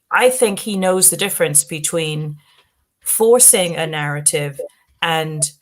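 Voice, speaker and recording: Low-pitched woman panelist, tired voice, casual halting chat. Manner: halting, many restarts and fillers. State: voice going tired. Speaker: podcast panelist.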